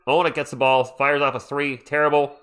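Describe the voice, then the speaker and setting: Man, livestream host, casual play-by-play, excitable, chatty, reads chat aloud, desktop mic, home. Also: mid-range voice, fairly quick. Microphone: USB desktop microphone.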